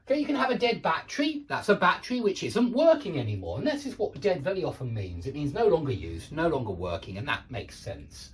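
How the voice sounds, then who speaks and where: A man teaching English vocabulary in a relaxed, explanatory way, repeating and rephrasing each point with small fillers. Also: a little high. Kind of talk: casual explanatory vocabulary lesson.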